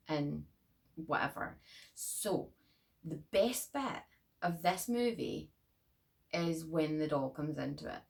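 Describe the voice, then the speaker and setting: Low, creaky rambling woman. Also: slow pace, pauses often, darkish tone. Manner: rambling, chatty, lots of "like". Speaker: horror movie reviewer. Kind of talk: rambling casual movie review. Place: bedroom.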